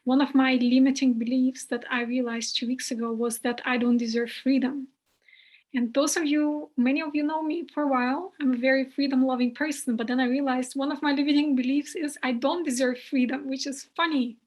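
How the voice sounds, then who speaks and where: A woman's voice: sits high, fairly even intonation, fairly quick, darkish tone. A woman hosting a podcast in an upbeat, polite way, losing her voice, over a video call. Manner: upbeat, polite, laughs easily. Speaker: podcast host. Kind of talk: casual interview chat.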